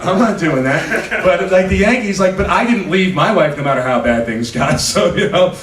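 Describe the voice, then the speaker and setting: A man's voice: high-pitched, animated, normal speed, a bit bright. A male comedian, rambling in a profane way during a live panel. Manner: rambling, profane, laughing asides. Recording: roomy stage sound from far off, noisy.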